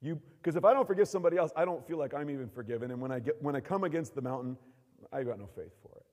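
A male pastor preaching, his voice rising to shouts and dropping to near whispers as he acts out the lines. His mid-range voice rings out with a long hall reverb. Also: medium pitch, racing. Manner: lively preaching, acts out quotes, swings from loud to hushed. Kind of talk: sermon.

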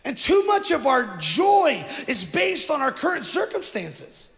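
A middle-aged male pastor delivering an energetic sermon and calling on the congregation to repeat words after him. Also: extremely high pitch, unhurried, gravelly, hardly any pauses. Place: church sanctuary. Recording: long hall reverb from a church.

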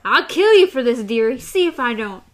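A woman voicing a desperate male thug who shouts in a high, frantic voice with rough grammar. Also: normal speed. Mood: furious.

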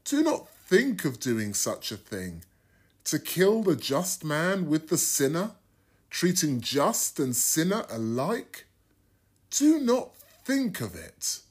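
A man's voice: a little high, huge pitch swings, slow, husky, voice pushed up, exaggerated voice. A man voicing a humble old patriarch who earnestly pleads with rising, imploring questions. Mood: pleading.

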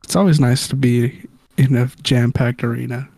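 Laid-back young man with gravelly voice. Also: mid-range voice, steady tone, moderate pace, mellow, dry recording. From Southern California. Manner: laid-back, wry storyteller. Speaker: podcast co-host. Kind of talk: casual chat.

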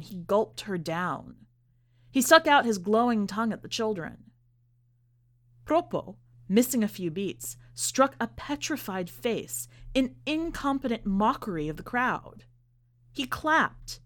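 A woman reading fiction aloud for a podcast in a measured, expressive way. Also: fairly high pitch. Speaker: podcast editor and reader. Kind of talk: scripted story narration.

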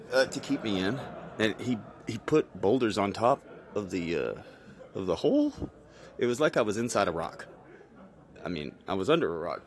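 A man putting on a rambling, folksy cowboy character with deadpan morbid jokes for his podcast. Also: sits low, natural voice. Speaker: podcast host.

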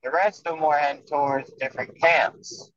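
A man guesting on a casual podcast, telling a story haltingly with fillers. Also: on the high side, fairly even intonation, a bit bright, a little hiss or hum. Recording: dull lo-fi remote audio.

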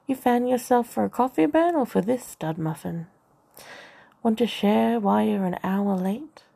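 A woman's voice: medium pitch, animated, a little slow, vocal fry, dark tone, slightly rough, exaggerated voice. A woman voicing a crude, teasing young woman who is the narrator's assistant and best friend, blunt and unfazed. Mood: teasing, brash.

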